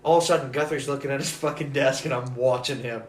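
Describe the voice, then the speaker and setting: A man's voice: mid-range voice, fast. A young man co-hosting a podcast, telling a profane school story with lots of laughing. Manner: animated, swears constantly, laughs while telling. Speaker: podcast co-host. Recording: roomy echo, faint noise.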